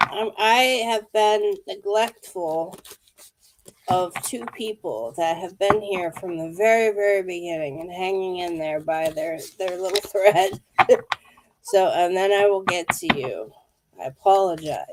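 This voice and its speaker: A woman's voice: mid-range voice, background noise. A wheezy woman in her fifties giving a live card reading, speaking intuitively to viewers by name. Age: 50s. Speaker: tarot card reader.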